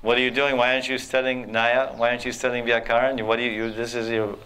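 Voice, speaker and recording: A man's voice: medium pitch, little pitch movement, quick pace, pushed and bright, smooth, natural voice, rough recording. A man voicing an elderly male scripture teacher who scolds a boy with indignant questions.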